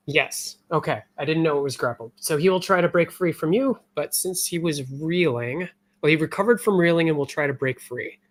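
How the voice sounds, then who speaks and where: A man's voice: on the high side, a little fast. A man narrating a tabletop role-playing session as game master, casual and often laughing.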